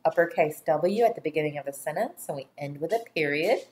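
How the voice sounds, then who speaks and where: A woman teacher giving a slow dictation lesson to young children, speaking clearly and deliberately and drawing out each syllable. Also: sits low, lively intonation, a little mellow, slight background noise. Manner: clear, deliberate, spells words and stretches syllables.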